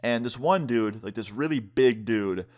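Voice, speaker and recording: A young man on his vlog spinning a casual storytime at an everyday pitch. He talks loosely, leaning on "like" and fillers, and slips into other people's lines as he retells them. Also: expressive, measured pace, darkish tone. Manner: chatty, many fillers and "like"; acts out quotes of others. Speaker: vlogger.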